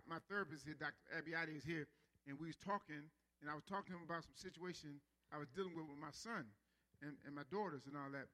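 Male pastor, high bright voice, sermon that builds to emphatic stretched-out words. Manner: preaching with rising intensity, drawn-out emphasis.

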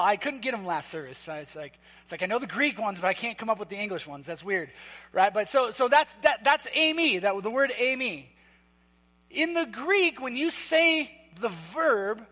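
A man preaching a sermon in a church hall, conversational and emphatic, with quick asides. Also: high-pitched, sharp tone. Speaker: pastor.

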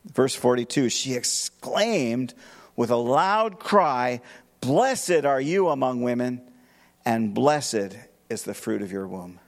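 A man's voice: mid-range voice, a little mellow. A man preaching a verse-by-verse expository sermon as pastor, emphatic and posing rhetorical questions to his listeners.

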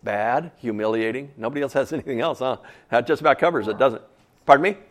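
A man's voice: mid-range voice, fast talker. A man preaching a sermon in a conversational way, asking the congregation questions and repeating key phrases for emphasis. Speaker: pastor.

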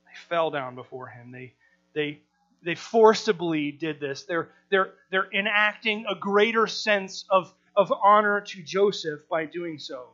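A man with a high, bright, forceful voice explains a scripture passage verse by verse. He talks casually, trips over his own starts, and slips into the voices of the people he quotes. The recording sounds dull and lo-fi. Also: unhurried. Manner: conversational, with frequent restarts, acts out the quoted people. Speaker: Bible teacher. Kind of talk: verse-by-verse Bible teaching.

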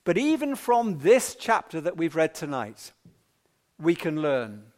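A man preaching an evening sermon in a measured, emphatic way with long pauses. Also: a little high, big pitch swings, darkish tone.

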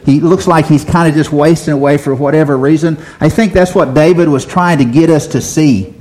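A man's voice: on the high side, a little fast, darkish tone. A man preaching a sermon, asking the congregation rhetorical questions and repeating phrases for emphasis.

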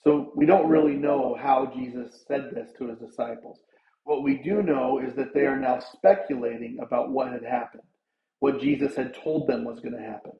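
A man's voice: medium pitch, moderate pace, echoey room, dull audio. A male pastor preaching a sermon in an earnest, conversational way, his voice rising for emphasis.

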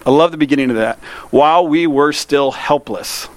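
A man preaching a sermon, reading scripture slowly and asking the listeners earnest, direct questions. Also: a little high. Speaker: pastor.

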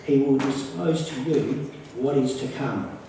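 A man's voice: medium pitch, unhurried, vocal fry, dark tone, slight background noise. A man with an Australian accent preaching a sermon, earnest and repeating key phrases for emphasis. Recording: echoey, from far off the mic.

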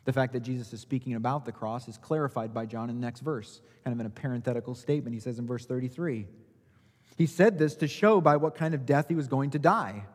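A man preaching a sermon as pastor, asking rhetorical questions and swinging between loud emphasis and quiet, low asides. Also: fast. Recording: long hall reverb.

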